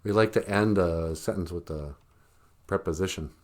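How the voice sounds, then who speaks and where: A man's voice: low voice, moderate pace. A man from Minnesota, hosting a show in a casual joking monologue, rambling and chuckling often. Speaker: show host.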